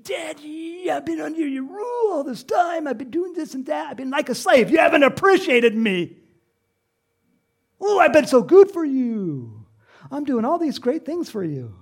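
A man doing a shrill, whining resentful older son. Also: very animated, moderate pace, full character voice. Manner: shouted, high-pitched complaining.

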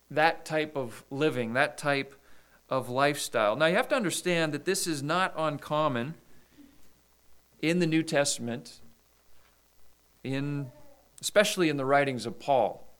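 A man preaching a sermon, reading scripture aloud and explaining it in a measured way. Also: a little high, fairly bright tone, smooth. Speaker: pastor.

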